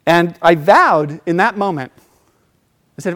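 A middle-aged man, his voice a bit higher than most men's, tells a personal story in a loose, conversational way. He acts out quoted voices and lets short laughs slip in between lines. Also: lively intonation, unhurried, long pauses, a bit bright.

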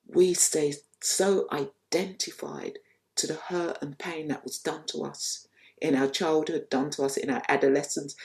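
A soft-spoken woman giving a reflective spiritual talk, telling a teaching story unhurriedly and repeating phrases for emphasis. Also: low voice, gravelly.

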